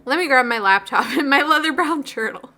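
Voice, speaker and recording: A woman voicing a sarcastic, teasing teenage girl with a lively voice. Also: high-pitched, brisk, heavily acted.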